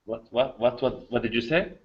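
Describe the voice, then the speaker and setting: A man's voice: medium pitch, moderate pace. A male caller with a heavy accent, asking a long-winded, formally worded question in a pompous manner. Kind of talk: call-in question. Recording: lo-fi call audio.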